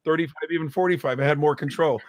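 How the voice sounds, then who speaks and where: A man's voice: fairly high pitch, quick pace, slight background noise. A man in his fifties, a singer and guest, telling stories in a casual chat over a video call, often repeating words as he starts a thought. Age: 50s. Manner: animated storyteller, repeats words when starting.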